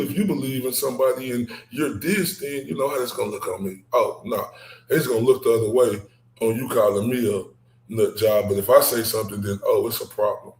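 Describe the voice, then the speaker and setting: Gravelly livestream host, echoey room. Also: male voice, medium pitch. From Dallas, Texas. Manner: animated, repeats "right?" and laughs often. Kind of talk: casual livestream chat.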